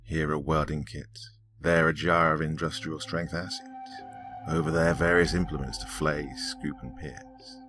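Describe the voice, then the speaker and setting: A man with a British accent narrating a horror story in slow, dramatic tones that sometimes drop to a whisper. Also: rumbling low, flat delivery. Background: ambient music with singing bowl.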